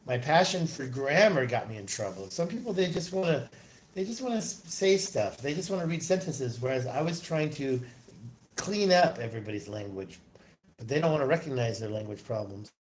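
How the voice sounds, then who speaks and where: A man's voice: medium pitch, very animated, fairly quick, slight background noise. A man hosting a casual livestream into his phone, rambling and answering viewer comments aloud. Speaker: livestream host.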